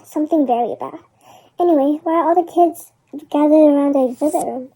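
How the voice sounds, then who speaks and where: Woman narrator for a fan drama, high voice, very mellow tone, uneasy. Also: fairly quick, poor audio. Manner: uneasy inner monologue. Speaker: narrator and lead reader.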